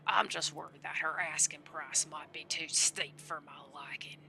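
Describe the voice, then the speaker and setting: A woman voicing a grizzled, sardonic male vampire in a game, with a low, muttered gruff drawl. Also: fairly even intonation, moderate pace, sharp tone, slight background noise, full character voice.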